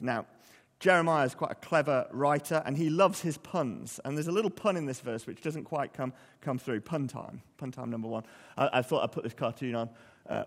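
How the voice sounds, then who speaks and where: A man's voice: a little high, lively intonation, moderate pace. Earnest male preacher in a reverberant hall. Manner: conversational, earnest, asks the congregation questions. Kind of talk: sermon.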